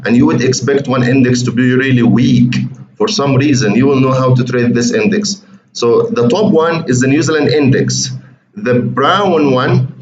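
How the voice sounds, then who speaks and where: A man talks viewers through market charts in a loose, conversational way, doubling back on his words as he goes. His voice sits at a middle pitch. The recording is roomy and a bit muffled, with a faint hiss underneath. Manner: conversational, repeats words, addresses viewers as guys. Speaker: trading educator. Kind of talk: screen-share chart walkthrough.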